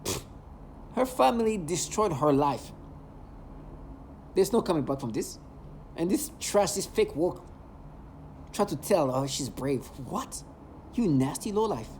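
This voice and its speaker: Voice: medium pitch, sing-song, unhurried, long pauses, a little mellow, slight background noise. A vlogger ranting in an agitated, emotional monologue, hurling repeated insults.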